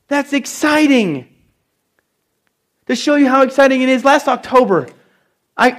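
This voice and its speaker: A middle-aged man preaching a sermon in church, telling stories and stressing key phrases with slow, emphatic repeats. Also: high voice. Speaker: pastor.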